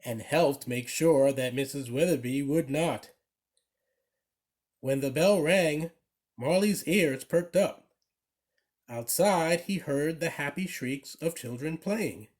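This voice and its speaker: A man reading a children's picture book aloud, with expressive, animated storytelling. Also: on the high side, slow. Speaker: storybook reader.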